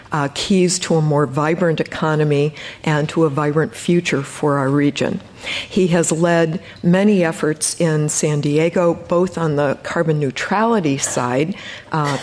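Low-pitched woman, conference host, formal intro, measured delivery with filler pauses. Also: darkish tone.

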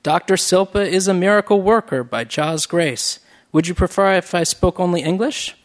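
A man voicing a cheerful, loud office worker who speaks with a labored, exclamatory Jamaican accent. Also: high voice, normal speed, lightly acted. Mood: eager. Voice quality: overloud, gummy, exclamatory.

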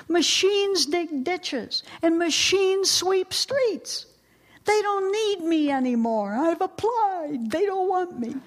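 A woman, a religious sister, answering audience questions at a talk in a forthright, emphatic way. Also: high voice.

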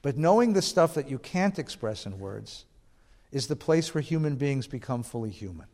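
A man giving an animated lecture to a class, with frequent restarts as he works through his ideas. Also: mid-range voice, normal speed. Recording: reverberant hall.

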